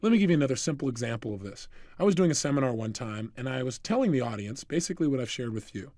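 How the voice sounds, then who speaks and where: A man giving a motivational talk, telling energetic stories and acting out the dialogue. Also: medium pitch, rapid-fire, dry recording, clean studio sound. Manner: energetic, storytelling, acts out dialogue. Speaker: motivational speaker.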